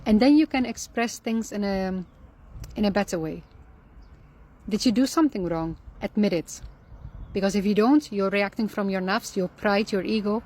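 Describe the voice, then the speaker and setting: A woman giving calm, earnest spiritual advice on anger and forgiveness, repeating her key phrases for emphasis. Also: medium pitch, moderate pace. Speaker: Islamic lifestyle speaker. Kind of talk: reflective spiritual advice talk.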